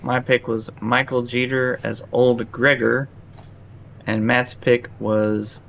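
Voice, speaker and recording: A man co-hosting a movie podcast, briskly running through the list of categories. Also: medium pitch, level tone, creaky, fairly bright tone, a little hiss or hum. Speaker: podcast co-host. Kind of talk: casual film discussion.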